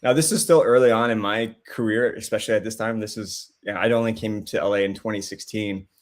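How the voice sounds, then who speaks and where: Man telling an animated story. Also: on the low side, fast. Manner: lively storyteller, acts out quoted voices. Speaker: actor, podcast guest. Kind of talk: casual anecdote telling.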